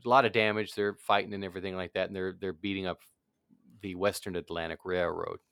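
Low-voiced man rambling through a story. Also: level tone, fast talker, vocal fry, fairly bright tone, smooth, no room sound, studio quality. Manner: rambling storyteller, trails off and restarts. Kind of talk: casual chat.

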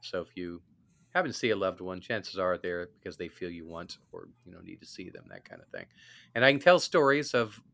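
Man, very deep voice, bright tone, casual easygoing chat, filler words. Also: sing-song, a little fast, vocal fry. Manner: easygoing, lots of fillers, self-described skeptic. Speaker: podcast co-host.

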